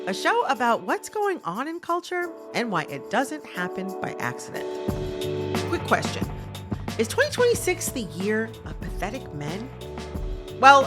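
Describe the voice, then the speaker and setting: A woman hosting a public radio interview podcast, upbeat and quick to laugh. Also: medium pitch. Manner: lively, laughs often. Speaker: podcast host.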